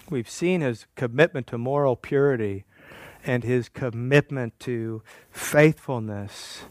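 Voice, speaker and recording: A man's voice: medium pitch, dry recording. A man preaching a sermon in a church, with a conversational, wry manner that teases the congregation. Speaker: pastor.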